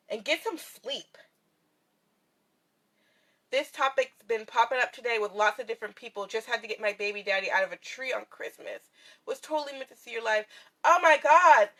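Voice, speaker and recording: A woman's voice: on the high side, moderate pace, bright, forceful tone. A woman vlogger and spiritual reader talking candidly and tearfully to her viewers, swearing freely and laughing often. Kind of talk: casual heartfelt livestream talk. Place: in her van in bright sunlight.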